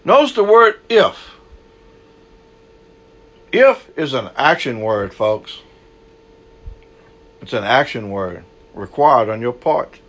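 A man preaching a sermon, swinging between loud, raised bursts and low, quiet asides. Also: very animated, slow, pauses often.

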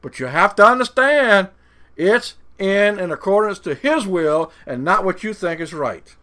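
Preaching a folksy sermon, this man has a high, animated voice with a sharp tone. He stresses the verses he reads through dramatic pauses and slowing down, and he mocks doubters in a put-on voice.

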